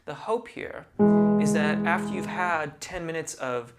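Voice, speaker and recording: A man teaching singing, explaining vocal technique in a measured, patient way and using technical singing terms. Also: fairly high pitch, loud music behind the voice.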